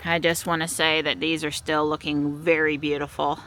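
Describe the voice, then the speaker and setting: Outdoors in her yard, a woman vlogger chats casually into a small handheld camera, her tone level, fairly bright and at a normal speed. When she calls her pets she breaks into a high sing-song voice.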